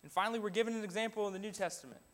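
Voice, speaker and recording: A man's voice: sits high, racing, fairly bright tone. A man preaching an earnest sermon in a church, reading scripture aloud and exhorting the congregation. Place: church building.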